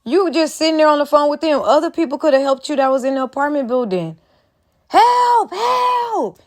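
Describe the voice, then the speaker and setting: Donna dalla voce acuta, schietta e scurrile, che commenta con foga. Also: female voice, sits high, fast, darkish tone. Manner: heated, blunt, profane, repetitive. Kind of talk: profane reaction commentary.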